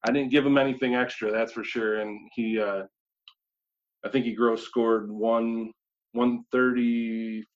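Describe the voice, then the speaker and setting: Animated man telling a hunting story. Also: medium pitch. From New York State, USA. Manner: animated, acts out his own thoughts in quotes. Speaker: guest hunter. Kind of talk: casual storytelling. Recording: slightly dull lo-fi audio.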